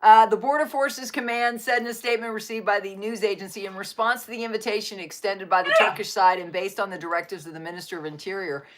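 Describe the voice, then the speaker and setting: A woman's voice: mid-range voice, steady tone, quick pace, few pauses, a bit bright. A woman hosting a casual live stream, reading news articles aloud and adding her own faith-based commentary, now and then breaking off to coo at her dogs.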